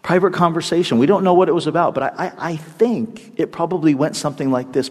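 A pastor with a fairly high voice preaches a sermon in a large hall, talking fast with few pauses. He tells a story with lively energy, acting out the quoted lines in shifting voices.

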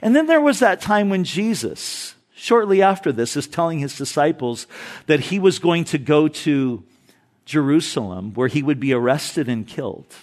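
A man preaching an expository sermon, retelling Bible stories in an animated, casual way. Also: a little high, moderate pace. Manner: animated storytelling, paraphrases Bible figures casually. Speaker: pastor.

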